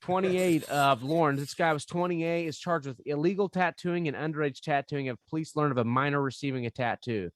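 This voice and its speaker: A man's voice: a little high, a little fast, hardly any pauses, dry recording, clean studio sound. A male podcast host in casual chat, crude and joking, laughing often and reading news items aloud.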